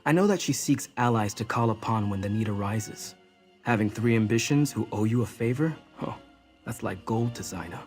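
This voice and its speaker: A calm, earnest male apprentice in a fantasy game, with a lowish voice and a steady, persuasive delivery. Faint music plays behind him. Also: normal speed, husky.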